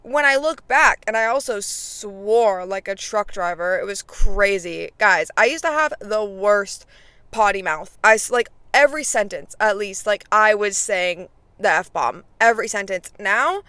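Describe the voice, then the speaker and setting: Her voice is medium-pitched, animated, and sharp yet smooth, delivered at a measured pace with no room sound. She's a faith vlogger in her twenties who chats casually and directly to her viewers, using plenty of fillers.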